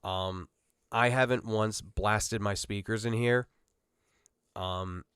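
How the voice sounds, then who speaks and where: A man hosting a casual mixing tutorial, talking quietly through a migraine and correcting himself as he explains. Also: on the low side, steady tone, slow pace, smooth, dry recording, studio quality. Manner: rambling, self-correcting explainer. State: has a migraine, talks quietly. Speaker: audio mixing host.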